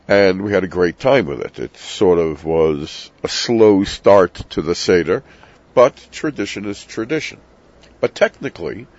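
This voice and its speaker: Older man with a very deep voice. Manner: warm storytelling with dry self-deprecating asides. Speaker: rabbi teaching about the Seder. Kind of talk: reflective spoken teaching. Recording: dull lo-fi sound.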